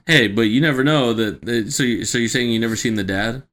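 A man's voice: medium pitch, fairly quick. A man co-hosting a podcast in casual chat, swearing and laughing as he tells stories. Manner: laughing, profane, animated storyteller. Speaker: podcast co-host.

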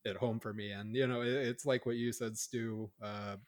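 A man's voice: medium pitch, steady tone, normal speed. A man co-hosting a casual podcast, rambling through a film review with many fillers and restarts. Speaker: podcast co-host.

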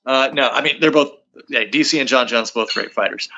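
A ring announcer guesting on a casual podcast, his voice bright and forceful. He jokes in an easygoing way. The call audio comes through dull and lo-fi. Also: mid-range voice, brisk. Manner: joking, easygoing. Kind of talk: casual chat. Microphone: video call.

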